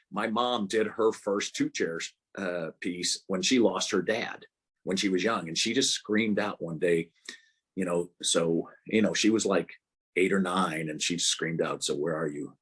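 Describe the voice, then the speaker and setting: An older man speaks as a guest author over a video call, his voice low and a little husky. He talks in a loose, rambling way, circling back with fillers and restarts. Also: fairly bright tone. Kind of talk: casual interview about prayer.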